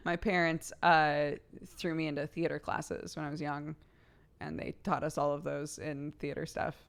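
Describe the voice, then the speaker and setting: Female streamer, casual live chat, playful and giggly, slightly low register. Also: level tone, a little slow, vocal fry, clean tone. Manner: playful, laughs often, reciting tongue twisters.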